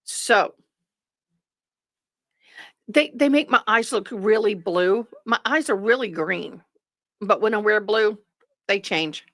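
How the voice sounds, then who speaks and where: A woman's voice: mid-range voice, slow, long pauses, no room sound, studio quality. Chatty woman livestream host. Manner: chatty, rambling, warm toward viewers. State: tired. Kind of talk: casual chat with live viewers.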